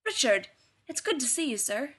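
A woman's voice: sits high, big pitch swings, moderate pace, fairly bright tone, slightly rough, heavily acted. A woman putting on a mild Welsh administrator man. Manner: mild, businesslike, sing-song.

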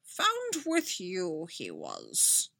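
A woman voicing an ancient, small male alien sage who speaks slowly with inverted word order in an audiobook reading. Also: lowish voice, huge pitch swings, gravelly, bright, forceful tone, no echo, clean studio sound, exaggerated voice. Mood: calm, probing. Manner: slow, backwards-ordered phrasing.

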